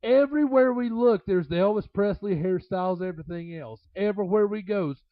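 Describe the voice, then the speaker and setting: Speaking a little fast in a high voice with no echo, a man who once wrestled tells casual, rambling road stories as an interview guest. Fillers and laughter run throughout, and the recording is dull and lo-fi.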